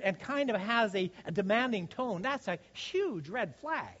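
A male pastor delivers an earnest, exhorting sermon. His voice sits high and swings widely in pitch as he asks the congregation questions and restarts his sentences. The recording sounds dull and lo-fi. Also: very animated, moderate pace, fairly bright tone.

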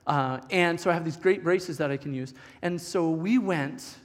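A middle-aged male pastor with a notably high voice, telling stories from the pulpit in a lively, chatty way and often restarting his sentences. His voice rings out with a long reverb, as if it is filling a church hall. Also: normal speed. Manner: animated, chatty storytelling with many restarts. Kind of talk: storytelling sermon.

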